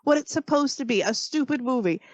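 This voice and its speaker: Give me a very high-pitched woman chatting on a movie podcast, close dry sound. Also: expressive, brisk, dry recording. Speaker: podcast co-host. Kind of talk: casual movie review chat.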